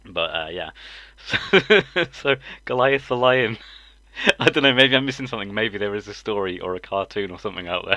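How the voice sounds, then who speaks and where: A man's voice: fairly low pitch, lively intonation, moderate pace, bright, forceful tone, no echo, lo-fi sound. A man, a live-stream host, chatting casually, rambling and breaking into laughter often. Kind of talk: casual chat.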